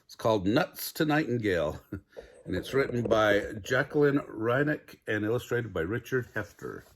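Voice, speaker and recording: An older man, a grandfather, narrating a children's story aloud in an animated, chuckling way. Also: on the low side, moderate pace, slight background noise.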